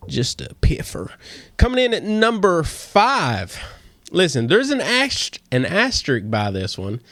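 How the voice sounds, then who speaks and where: A man's voice: medium pitch, dry recording, clean studio sound. A man hosting a casual solo podcast, talking playfully and slipping into a radio DJ countdown voice. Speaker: podcast host.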